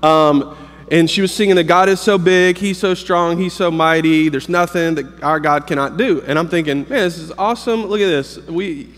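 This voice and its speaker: Joking pastor in a reverberant hall. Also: male voice, on the high side, fairly bright tone. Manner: joking, storytelling, halting with fillers. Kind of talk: humorous preaching. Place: campus worship hall.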